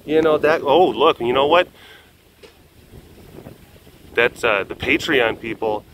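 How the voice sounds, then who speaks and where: A man's voice: mid-range voice, slow, a bit bright, slight background noise, poor audio. Rambling self-mocking man vlogging. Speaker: host. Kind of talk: casual rambling monologue.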